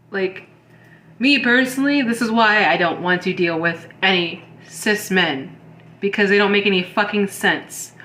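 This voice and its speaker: A woman's voice: medium pitch, bright, forceful tone, reverberant, a little hiss or hum. A woman giving an intuitive reading to her viewers in a blunt, heated lecture full of swearing. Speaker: spiritual reader.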